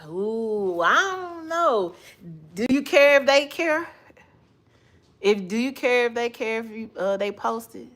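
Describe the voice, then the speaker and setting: A woman's voice: fairly high pitch, animated, a little slow. Sleepy woman on a livestream, laughs a lot, voice jumps all over. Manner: laughs often, chatty, talks to someone off-mic. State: sleepy, yawning. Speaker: livestream host. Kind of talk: casual chat.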